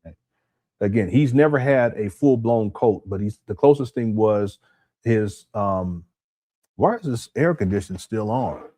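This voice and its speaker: A man's voice: on the low side, animated, a little slow, warm tone. Rambling man hosting a live stream. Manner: rambling, repeats words, talks to chat. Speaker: commentary channel host. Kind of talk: casual live-stream commentary. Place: hot home room.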